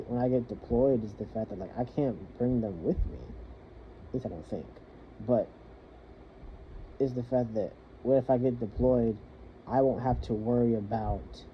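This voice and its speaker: Young man venting, halting and rambling. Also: mid-range voice. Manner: rambling, halting, swears freely. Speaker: soldier venting. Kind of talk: personal venting monologue. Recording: muffled lo-fi with faint hiss.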